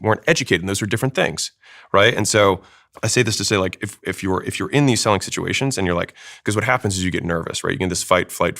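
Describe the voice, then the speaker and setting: A man talking fast as a sales trainer, explaining with examples in an interview. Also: sits low, vocal fry, fairly bright tone. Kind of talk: casual interview talk.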